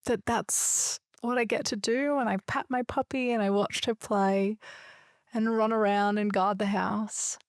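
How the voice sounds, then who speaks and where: Hosting a solo podcast, a woman speaks in an earnest, emphatic and reflective way, with a spiritual bent and a few loose swears. Her medium-pitched voice is unhurried with fairly even intonation. The sound is clean studio audio without any room sound.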